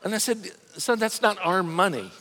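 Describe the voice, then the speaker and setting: High-voiced pastor preaching in echoing hall. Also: male voice, lively intonation, moderate pace, sharp tone. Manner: earnest, folksy, with frequent restarts and "man" asides. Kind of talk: conversational sermon. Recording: long reverb of a large hall.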